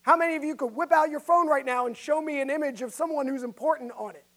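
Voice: high voice, fast, a bit bright. A preacher delivering an emphatic sermon, often asking the congregation direct questions. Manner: emphatic, asks the audience questions.

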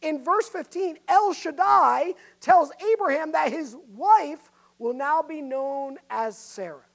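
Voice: sits high, takes it slowly, vocal fry. A preacher delivering an emphatic sermon, often asking the congregation direct questions. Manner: emphatic, asks the audience questions.

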